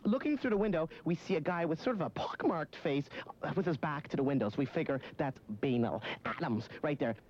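Excitable fast-talking man, muffled radio. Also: fairly high pitch, slight background noise. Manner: breathless, excitable, run-on storytelling. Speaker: radio host as guest. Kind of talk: excited rambling anecdotes.

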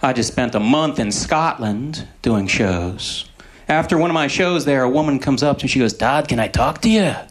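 A man doing stand-up comedy with slow, deadpan timing. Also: mid-range voice. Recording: noisy live stage recording.

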